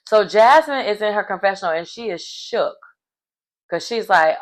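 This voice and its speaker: A woman recapping a reality show episode in casual chat, animated and acting out what people said. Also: mid-range voice, moderate pace, low-quality recording. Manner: animated storyteller acting out quotes.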